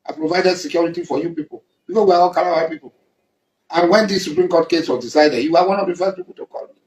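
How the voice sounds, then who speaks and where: Nigerian guy calling someone out, emphatic, slightly high voice, echoey room. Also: fast talker, a little mellow. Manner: accusing, emphatic, repetitive. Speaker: community leader. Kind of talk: public statement.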